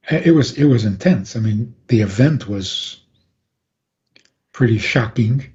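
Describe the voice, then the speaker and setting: A man, a rabbi, calmly explaining on a radio talk program and chuckling often. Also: medium pitch, unhurried. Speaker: rabbi guest. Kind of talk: radio interview, Torah teaching. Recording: dull lo-fi radio audio.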